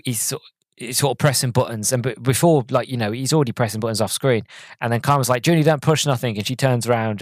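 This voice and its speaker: A man in his twenties hosts his own podcast, chatting through a film review on his own. He rambles eagerly and leans on fillers as he goes, in a middle-pitched voice. The sound is dry, with no room around it. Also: dry recording. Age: 20s. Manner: rambling and enthusiastic, heavy on fillers. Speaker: podcast host. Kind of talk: casual solo film review.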